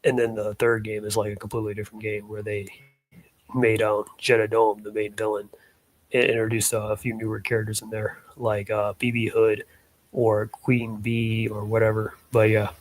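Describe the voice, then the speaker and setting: A man's voice: on the low side, completely flat delivery, moderate pace, low-quality recording. A man casually rambling about his own animation project, full of fillers and little chuckles. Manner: loose, filler-heavy, chuckling asides. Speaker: hobby animator.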